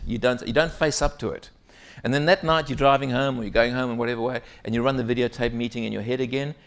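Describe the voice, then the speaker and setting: A man's voice: mid-range voice, vocal fry. A middle-aged man giving a conference keynote as an executive coach. He tells stories and keeps checking in with the audience. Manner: lively storytelling, frequent "right?" asides to the audience.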